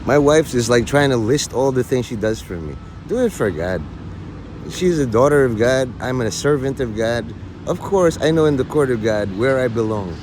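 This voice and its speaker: A man's voice: medium pitch, lively intonation, moderate pace, darkish tone, slight background noise. A middle-aged man livestreaming, rambling in crude, mock-bossy rants at his viewers. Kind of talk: casual rant chat.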